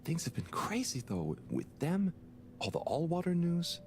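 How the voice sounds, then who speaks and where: An actor playing a gentle, awkward young man in a video game, hesitant and polite, with frequent sneezes. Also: fairly high pitch, wildly swooping pitch, moderate pace, slight background noise. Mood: mild.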